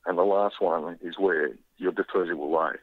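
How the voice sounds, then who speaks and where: A man from Australia with an Australian accent calling in to a show, friendly and quick to laugh. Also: low voice, fairly even intonation, dry recording. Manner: friendly, laughs easily, says mate. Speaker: caller. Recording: phone line.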